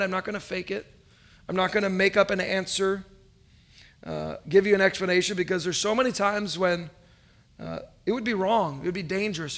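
This sermon comes from a thirty-something pastor whose voice runs noticeably high for a man and carries some vocal fry. He spins his stories in a lively, chatty manner, tossing in asides as he goes.

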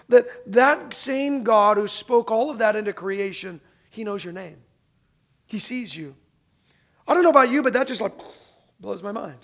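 A man with a high voice preaches a sermon to his congregation. He talks like a friend, asks the room to repeat lines after him, and swings from loud, pressing emphasis to hushed, quiet lines. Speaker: pastor.

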